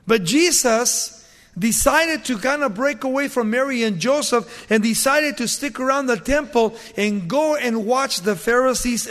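A male pastor preaching a sermon, reading scripture aloud with rising force and dropping to quiet, conversational asides. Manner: reads scripture louder and higher, drops soft for asides. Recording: long hall reverb.

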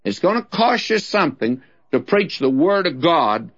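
Folksy older Southern radio preacher. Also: male voice, a little high, very animated, moderate pace, a bit bright, husky. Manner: folksy, conversational preaching with storytelling. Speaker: radio Bible teacher. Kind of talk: radio Bible teaching. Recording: dull lo-fi old radio recording.

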